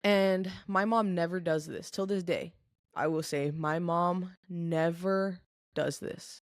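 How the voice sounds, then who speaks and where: A woman's voice: lowish voice, slow pace, dry recording, clean studio sound. A young adult woman telling a personal story as a podcast guest, candid and earnest, with lots of filler "like". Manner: candid, filler-heavy speech with frequent "like"; earnest and emotional. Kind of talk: personal testimony in casual chat.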